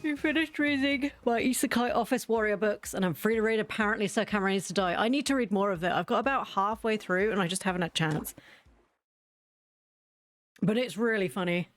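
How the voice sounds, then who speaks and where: A woman's voice: mid-range voice, fairly quick, soft background music. A woman streaming a game, chatting casually with viewers in a giggly, self-mocking way.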